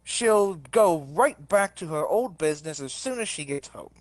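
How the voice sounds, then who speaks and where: A man's voice: a little high, animated, normal speed, no echo. A man playing a tabletop game, reasoning at length and cutting in. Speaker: player.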